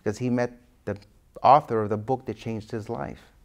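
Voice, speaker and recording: A man's voice: medium pitch, fairly even intonation, normal speed. A man being interviewed as an author, telling stories animatedly and acting out the dialogue he quotes. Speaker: guest author. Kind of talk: interview storytelling.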